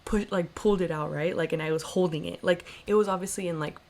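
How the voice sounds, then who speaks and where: A young woman co-hosting a podcast, telling a story in a casual, animated way and acting out the voices in it. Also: lowish voice, quick pace, crowd noise. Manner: animated, lots of "like" fillers, acts out quoted voices. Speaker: podcast co-host.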